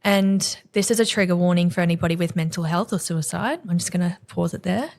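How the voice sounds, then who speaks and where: A woman's voice: lowish voice, fast talker, creaky, darkish tone. A woman in her thirties with an Australian accent, a podcast guest telling a painful personal story and acting out the exchanges she quotes. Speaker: podcast guest, salon owner. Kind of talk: candid podcast conversation.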